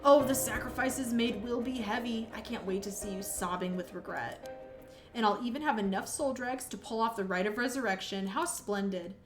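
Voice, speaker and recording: A cruel, taunting male killer with a sneering, profane delivery, as a woman reads him aloud. He speaks a little high for a man, with music behind the voice. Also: normal speed, natural voice. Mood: gloating. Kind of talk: reading a game's dialogue aloud.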